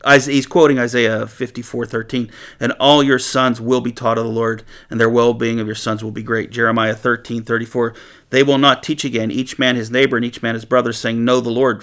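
A man teaching through a Bible passage in a sermon, reading verses aloud and then paraphrasing them in a lively, conversational way. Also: mid-range voice, moderate pace. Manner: animated, reads scripture aloud then paraphrases it conversationally, laughs often.

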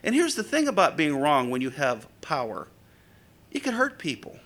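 A middle-aged preacher talks in a conversational, story-driven way, his pitch swinging widely from phrase to phrase. His voice is a little raised and gravelly, with a bright, forceful edge. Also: wildly swooping pitch, normal speed. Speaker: preacher, former police officer. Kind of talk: sermon with storytelling.

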